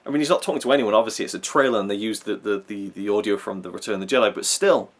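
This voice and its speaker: A man with a somewhat low voice gives casual fan commentary as the host of a review channel. His delivery rambles, and he often stumbles over, repeats or restarts his words. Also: rapid-fire.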